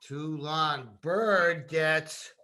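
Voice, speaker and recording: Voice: medium pitch, extremely slow, bright, forceful tone. A teacher reading a picture book aloud to young children, drawing out words, repeating them and prompting the children to say them back.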